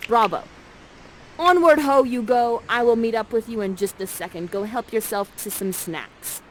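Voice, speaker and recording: A woman's voice: fairly high pitch, moderate pace, a little hiss or hum, rough recording. A woman acting as guide, directing participants through an interactive theater scene in an upbeat, theatrical way. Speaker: actor guiding participants through an interactive show.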